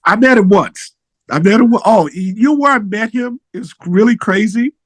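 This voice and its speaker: A middle-aged man, a musician guest, telling a story in a casual, animated way that jumps up in pitch when he gets excited. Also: normal speed, dry recording.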